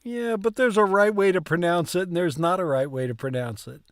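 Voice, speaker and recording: A man learning a language, chatting casually and slowly repeating words as he asks how to pronounce them. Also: high-pitched, no echo, clean studio sound. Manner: slow, questioning, repeats words to test pronunciation. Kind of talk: casual chat about pronunciation.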